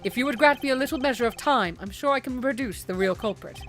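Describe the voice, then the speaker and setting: A woman voicing a composed, formal male prosecutor, speaking lower and in a measured, formal way. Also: soft background music, close to an everyday voice.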